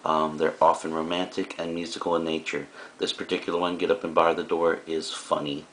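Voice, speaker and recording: This recorded classroom lecture features a man whose voice is very deep and low, with a fairly bright tone and a little hiss or hum behind it. His delivery is flat and fairly quick as he explains things casually to his students, often stopping for fillers and side remarks.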